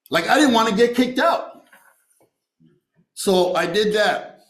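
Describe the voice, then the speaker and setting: A man's voice: high-pitched, very animated, measured pace, pauses often, fairly bright tone, roomy sound, a little hiss or hum, low-quality recording. A man sharing his recovery story at a meeting, streetwise and profane, tossing in "you know" and "right?". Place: meeting room.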